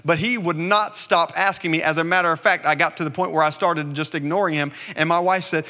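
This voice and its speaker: A man preaching a sermon with emphatic, repeated refrains, shifting into relaxed conversational storytelling. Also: sits high, brisk, hardly any pauses, big-room sound. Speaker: pastor.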